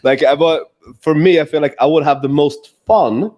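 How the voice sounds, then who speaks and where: A man's voice: fairly high pitch, moderate pace, darkish tone, highs cut off. A man chatting casually as co-host, laughing often and agreeing eagerly. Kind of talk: casual chat.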